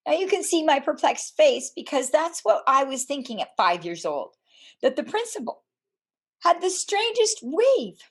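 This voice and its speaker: A woman from Canada, telling a personal story to an audience in a slow, deliberate way with dramatic pauses. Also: sits high, very animated. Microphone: camera.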